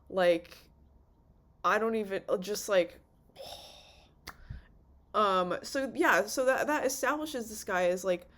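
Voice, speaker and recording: A young woman giving an off-the-cuff review in a rambling, swearing, animated way, acting out the characters' lines. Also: mid-range voice, takes it slowly, long pauses. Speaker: vlogger reviewing a TV series.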